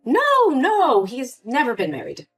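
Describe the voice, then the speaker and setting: A woman's voice: high voice, huge pitch swings, unhurried, fairly bright tone, husky, soft background music, exaggerated voice. A woman voicing a scheming, manipulative older mother in a dramatized story, sweet on the surface and cold underneath. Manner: sweet at first, then cold and dismissive. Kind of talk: scripted story voice acting.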